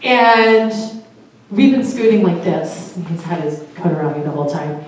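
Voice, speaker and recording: A woman's voice: on the low side, animated, moderate pace, darkish tone, slight background noise. A woman telling a personal story to a live audience in a casual, chatty way, laughing often and swearing now and then. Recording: very echoey room, voice far from mic.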